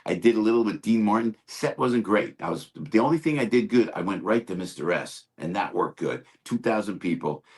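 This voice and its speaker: An older man who is a guest comedian, telling show-business anecdotes in an animated way, acting out quoted voices and repeating words for effect. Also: on the low side, brisk, hardly any pauses.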